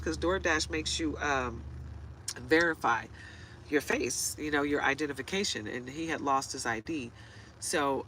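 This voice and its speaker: Woman reader, casual talker, tells stories with laughs, voice bright and sharp, light hum of noise. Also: low voice, rough recording. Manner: chatty storyteller, laughs often, gets choked up. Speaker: tarot reader. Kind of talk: casual chat to camera. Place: inside a parked truck.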